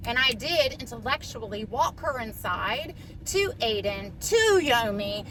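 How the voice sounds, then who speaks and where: A woman's voice: a little high, lively intonation, measured pace, a bit bright, a little hiss or hum. A middle-aged woman, a podcast guest, telling a personal story in a blunt, profane, fired-up way.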